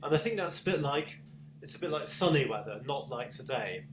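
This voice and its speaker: A British-accented piano teacher with a medium-pitched voice, lively intonation, and a slightly fast pace gives an online masterclass, patiently asking questions and encouraging his student. It's heard over a video call in an echoey room with piano and background noise.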